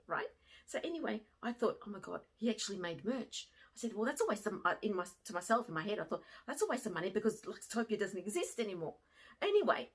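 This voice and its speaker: A middle-aged woman from Australia telling a personal story to camera, swinging from hushed to excited. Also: medium pitch, husky. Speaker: fashion vlogger and former teacher.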